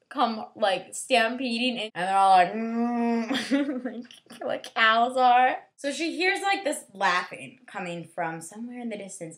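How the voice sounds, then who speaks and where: A woman's voice: on the high side, a bit bright. A young woman giving a rambling, sarcastic book review, full of "like" fillers. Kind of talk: casual vlog book review.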